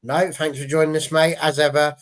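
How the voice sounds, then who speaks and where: Chatty, excitable man hosting. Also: on the high side, a little fast. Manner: chatty, excitable, rambling with restarts. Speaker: host. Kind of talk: casual chat.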